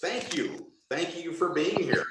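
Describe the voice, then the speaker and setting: A man's voice: fairly high pitch, expressive, unhurried, heavy reverb, far from the mic, heavy background noise. A man hosting a video call meeting, greeting each participant by name in an upbeat, jokey way and repeating his welcomes.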